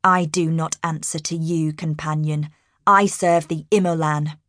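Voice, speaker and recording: A woman's voice: low-pitched, steady tone, measured pace, a bit bright, dry recording, studio quality. A woman narrator voicing a bearded male slave master who speaks gutturally, resentful and curt. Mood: defiant.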